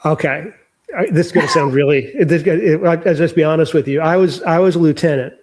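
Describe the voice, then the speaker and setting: Candid older man, fairly high voice. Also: a little fast, a little mellow. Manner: candid, reflective storytelling. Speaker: author guest. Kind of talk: candid interview conversation.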